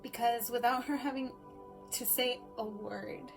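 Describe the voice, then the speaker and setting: A woman giving a personal storytelling speech, emotional, swinging between loud emphasis and hushed asides. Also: a little high, fairly even intonation, unhurried, creaky, music in the background. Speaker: speaker.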